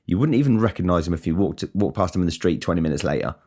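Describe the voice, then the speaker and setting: A man's voice: low-pitched, animated, very fast, a little mellow, slightly rough. A man hosting a casual solo podcast, rambling and swearing with many restarts. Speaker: podcast host.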